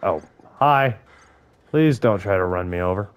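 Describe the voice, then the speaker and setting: A man's voice: low-pitched, lively intonation, a little slow, long pauses, smooth. A young man giving casual, profane gameplay commentary, joking and talking to the creatures on screen. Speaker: gaming YouTuber.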